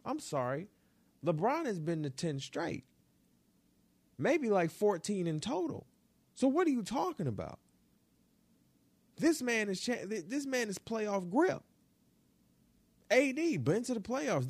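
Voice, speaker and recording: A New York sports talk host rants emphatically on his basketball show, repeating lines for effect in animated commentary. Recorded close in a small room with no room sound, his voice is high and a little mellow.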